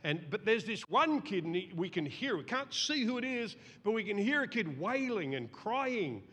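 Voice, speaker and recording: Brief: middle-aged male pastor, high lively voice, reverberant church hall. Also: normal speed, slightly rough. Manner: animated, acts out voices in the story. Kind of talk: sermon. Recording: long reverb of a large hall.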